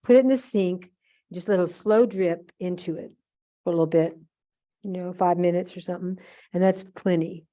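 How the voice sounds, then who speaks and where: A woman's voice: lowish voice, fairly even intonation, moderate pace, mellow. An older woman from the United States, a chatty storyteller who acts out the other voices while she demonstrates a craft. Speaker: craft demonstrator at a museum holiday event.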